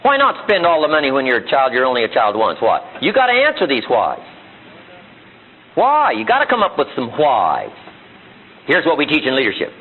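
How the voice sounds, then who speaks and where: A man's voice: mid-range voice, wildly swooping pitch, fairly quick. A middle-aged man giving a motivational seminar speech, full of rhetorical questions and acted-out quotes. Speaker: motivational speaker. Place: seminar room with audience. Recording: tinny phone-like archive audio.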